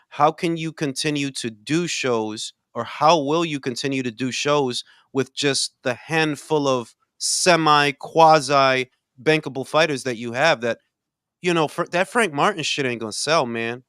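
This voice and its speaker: An older man hosting a casual boxing talk show, profane and loud, swinging between shouting and muttering. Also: mid-range voice, measured pace, clear, resonant tone, no echo, clean studio sound. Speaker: boxing podcast host. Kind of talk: casual chat.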